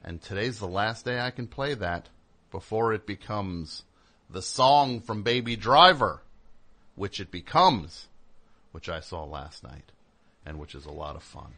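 Bright-voiced rambling male radio host. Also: fairly low pitch, very animated, a little slow. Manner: rambling, jokey, self-interrupting. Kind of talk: casual radio monologue.

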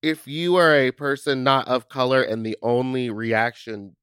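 A man co-hosting a podcast in casual chat, giving thoughtful, measured opinions. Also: mid-range voice, steady tone, a bit bright, smooth, no room sound, clean studio sound. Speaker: podcast co-host.

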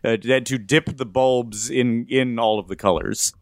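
A man's voice: mid-range voice, normal speed, no echo. Podcast host guy telling a story, lots of ums and asides, dry close sound. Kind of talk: casual podcast chat.

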